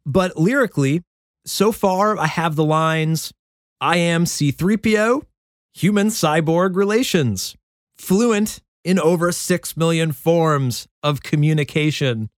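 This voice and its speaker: High-voiced man musing on songwriting. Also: takes it slowly, no room sound, clean studio sound. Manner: thinks aloud, relaxed and self-deprecating. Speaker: songwriter and show host. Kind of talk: casual talk about songwriting. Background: guitar playing.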